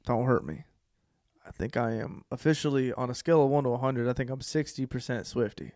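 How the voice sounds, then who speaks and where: A young man co-hosting a podcast, telling a story in a casual, profane way, dropping to a hush and then bursting out loud. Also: mid-range voice, quick pace, no echo, clean studio sound. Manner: animated storytelling, profane, swings from hushed to loud. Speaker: podcast co-host. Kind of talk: casual chat.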